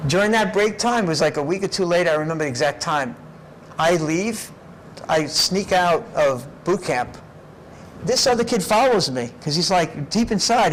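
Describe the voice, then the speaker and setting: A middle-aged man telling his life story in an interview, animated and often tagging his lines with "right?". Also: high voice, a little hiss or hum, rough recording. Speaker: documentary subject.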